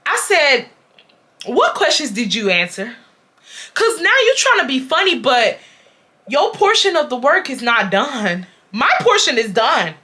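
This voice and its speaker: Young woman ranting a storytime, bright sharp voice, kinda high, cusses a lot. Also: unhurried. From Houston, Texas. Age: 20s. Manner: animated, blunt and profane. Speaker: vlogger. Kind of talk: storytime venting to viewers.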